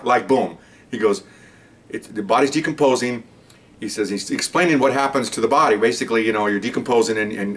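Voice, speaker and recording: A man's voice: fairly low pitch, recorded from a distance. An older man, a retired police officer, telling a story in a casual, rambling way with many restarts.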